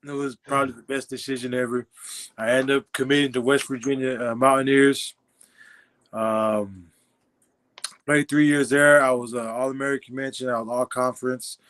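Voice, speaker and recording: A man's voice: medium pitch, steady tone, moderate pace, a bit bright. A young man in his twenties, a podcast guest casually telling his life story, acting out dialogue and laughing often. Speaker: podcast guest, former football player.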